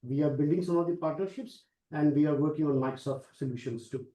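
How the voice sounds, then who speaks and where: A man's voice: a little high, fast, mellow, echoey room, low-quality recording. A man answering investor questions on a call, hesitant and often restarting his words.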